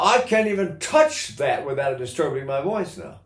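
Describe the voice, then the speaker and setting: A man's voice: on the high side, very animated, moderate pace, reverberant. An older man teaching singing technique in a rambling way, breaking into sung vowels and imitated voices to demonstrate. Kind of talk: recorded voice lesson.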